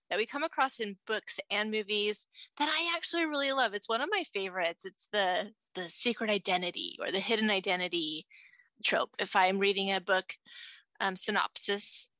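A woman's voice: medium pitch, pushed and bright, no echo. A woman co-hosting a podcast in casual chat, talking chattily with many fillers and restarts. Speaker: podcast co-host.

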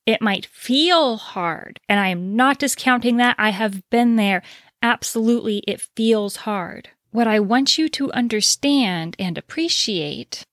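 A woman's voice: mid-range voice, no echo, studio quality. Earnest woman giving relationship advice. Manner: earnest, reassuring, emphatic repetition. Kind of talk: direct-to-camera advice talk.

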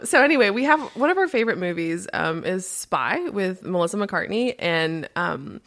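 A woman hosting a podcast, telling a story in casual chat with lots of fillers and quick laughs. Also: lowish voice, a bit bright. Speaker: podcast host.

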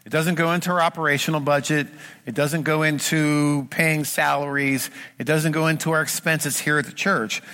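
Middle-aged pastor preaching, earnest and pushy, bright kinda sharp voice, echoey church hall. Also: male voice, a little high. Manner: earnest, emphatic preaching with repeated phrases. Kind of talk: sermon. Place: church sanctuary.

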